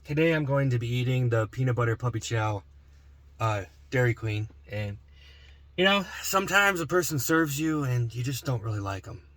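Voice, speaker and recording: A man's voice: mid-range voice, animated, moderate pace, a bit bright. A young man doing a casual, rambling food review vlog, jumping between offbeat topics. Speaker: food vlogger.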